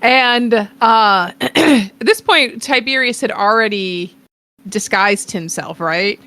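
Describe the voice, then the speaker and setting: A woman's voice: on the high side, slow pace, sharp tone. A woman co-hosting a podcast in casual chat, giggling often as she talks. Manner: giggly, laughs often between remarks. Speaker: podcast co-host.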